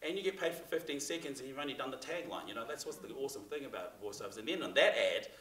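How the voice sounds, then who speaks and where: Fast and animated, a man with a medium-pitched, fairly bright voice presents a seminar to a class in a theatre room. His talk is casual and chatty, full of fillers and restarts, and the mic sits far away in an echoing room.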